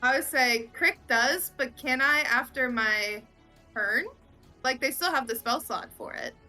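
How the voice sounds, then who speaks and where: A woman at a tabletop game speaks in a high, very bright voice. She hesitates often and fills gaps with little sounds, over faint music. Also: unhurried. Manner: hesitant, full of uhs. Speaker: player.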